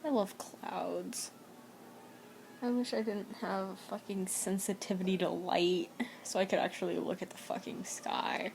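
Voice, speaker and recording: A woman's voice: mid-range voice, steady tone, measured pace, vocal fry, a little mellow, slight background noise. A young woman giving casual, profane watch-along commentary on a movie, laughing often and rambling. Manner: swears a lot, laughs often, rambling reactions. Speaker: host reacting to a film.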